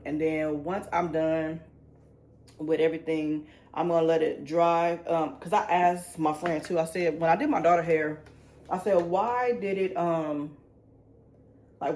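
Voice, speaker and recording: A woman's voice: lowish voice, a little mellow. A woman, chatting nervously and laughing at herself while showing how she dyes a wig at a sink. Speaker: beauty vlogger. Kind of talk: casual talk-along tutorial. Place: indoor room at a sink. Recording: echoey room with faint ambient noise.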